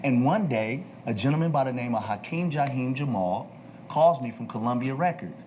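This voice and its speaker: A man's voice: mid-range voice, expressive, normal speed, a little mellow, a little hiss or hum, poor audio. A man in his forties on a talk show, telling a long story and acting out the dialogue. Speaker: actor and entrepreneur.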